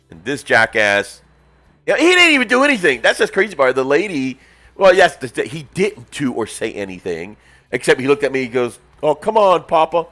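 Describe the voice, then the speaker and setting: A man co-hosting a casual chat, telling a story with lively impressions. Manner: animated storytelling, swings into loud high impressions. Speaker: podcast co-host. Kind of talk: casual chat while painting miniatures.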